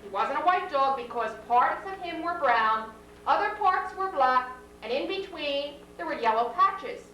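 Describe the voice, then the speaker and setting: A woman teacher reading a children's story aloud to a class, with expressive read-aloud voices for the characters, in a classroom. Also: high-pitched, measured pace. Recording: echoey classroom from far off, faint hum.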